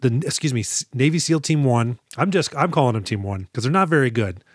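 A man's voice: medium pitch, lively intonation, a little fast, husky, dry recording, clean studio sound. A man co-hosting a podcast, chatting casually and jokily about an action movie. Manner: rambling, jokey, acts out lines from the movie. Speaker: podcast co-host. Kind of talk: casual movie review chat.

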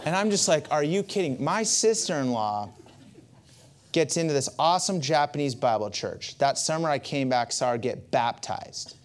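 A man's voice: mid-range voice, lively intonation, normal speed. A male pastor delivers a sermon and leans on a personal story. He talks like he is chatting, and often stops to aim asides at the congregation.

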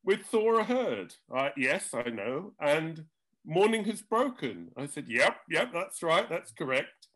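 An older man recounts a recording-studio mishap with dry comic timing. His voice sits high and swings widely as he mimics the people in the story. He takes his time over every beat. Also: big pitch swings, a little slow, fairly bright tone. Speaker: jingle composer telling studio stories. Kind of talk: anecdotal storytelling chat.

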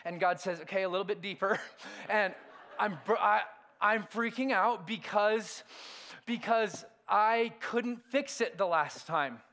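High-voiced animated male pastor. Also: takes it slowly. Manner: animated storytelling, swings from loud outbursts to hushed asides. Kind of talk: sermon.

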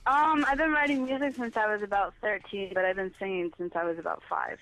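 A woman's voice: mid-range voice, steady tone, fairly quick, fairly bright tone. A woman from Canada, a young musician guest calling in by cell phone, joking and laughing easily. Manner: giggly, joking. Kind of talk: casual phone interview. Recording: cell phone call with faint hiss.

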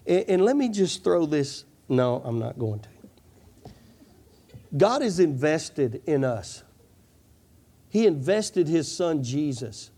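Fervent preacher, male, high-pitched voice with an unhurried delivery, sermon pacing. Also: expressive, dark tone. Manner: fervent, repeats "come on" and "I'm telling you". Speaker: pastor.

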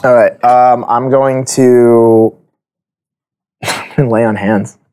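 A man plays a tabletop game, working out his turn with plenty of fillers and pauses. He speaks slowly at a middle pitch. His delivery stays halting throughout. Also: fairly even intonation, darkish tone, clean tone. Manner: hesitant, full of fillers. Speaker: player. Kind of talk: casual tabletop game play.

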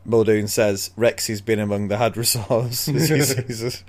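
A man co-hosting a casual chat, calmly retelling a story's events and laughing often. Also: fairly low pitch, normal speed. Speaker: podcast co-host.

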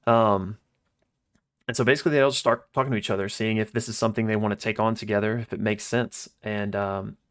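A man co-hosting a podcast, recapping a story episode in a loose, casual way with many pauses and quoted lines. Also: on the low side, fairly even intonation.

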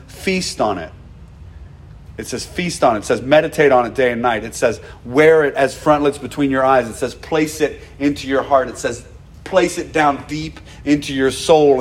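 A man preaching a sermon, animated and acting out the voices of the people he quotes. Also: medium pitch, breathy edge. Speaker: pastor.

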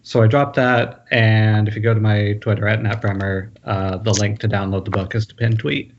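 Low-voiced man on a muffled call. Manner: relaxed, halting with fillers. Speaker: guest author. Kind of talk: casual video call chat. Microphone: video call.

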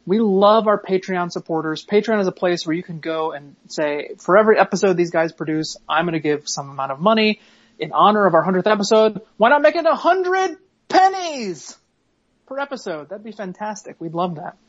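A woman's voice: lowish voice, fairly quick, highs cut off. A woman co-hosting a podcast in casual, rambling chat, joking and swearing freely. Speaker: podcast co-host.

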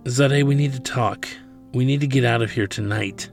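A man reading the lines of a young orphaned inventor, speaking softly and earnestly. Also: mid-range voice, normal speed, faint music behind, close to an everyday voice. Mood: urgent, sorry. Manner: soft, heartfelt.

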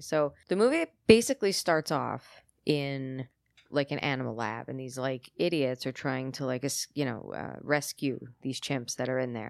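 A woman's voice: a bass voice, gravelly, no room sound, studio quality. A woman co-hosting a podcast, chatting casually, blunt and jokey with frequent laughter. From Italian heritage. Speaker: podcast co-host. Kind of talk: casual chat.

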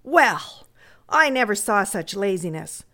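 A woman voicing a sharp-tongued, scowling aunt in a read-aloud story, scolding and fretful. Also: medium pitch, sing-song, takes it slowly, heavily acted.

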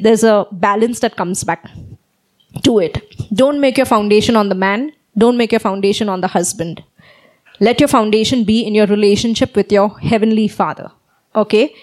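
A woman preacher delivers a sermon, animatedly telling a personal story and frequently checking in with "okay?". Her voice is fairly high-pitched.

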